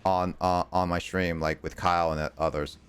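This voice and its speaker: A man's voice: low-pitched, little pitch movement, moderate pace, a bit bright, clean tone. A male streamer chatting casually while playing a game, rambling with plenty of fillers. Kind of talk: casual chat while gaming.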